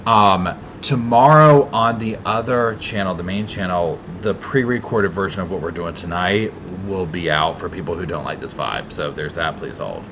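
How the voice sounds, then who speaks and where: A man's voice: low-pitched, normal speed, few pauses, lo-fi sound, noisy background. A man from the Carolinas with a Southern accent, hosting a casual live chat, greeting viewers by name and laughing often. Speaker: livestream host.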